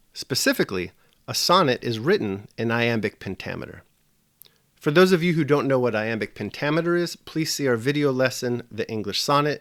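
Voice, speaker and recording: A male instructor explains poetry with measured, dryly witty phrasing. His pitch moves up and down a lot as he lectures. The sound is close and dry, with no room around it. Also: fairly bright tone, dry recording. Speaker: teacher. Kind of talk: scripted video lecture.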